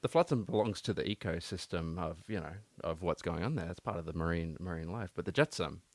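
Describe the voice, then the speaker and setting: A man's voice: deep voice, brisk, gravelly, dry recording. A man co-hosting a casual philosophy podcast, asking thoughtful questions and reading poetry aloud. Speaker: podcast co-host.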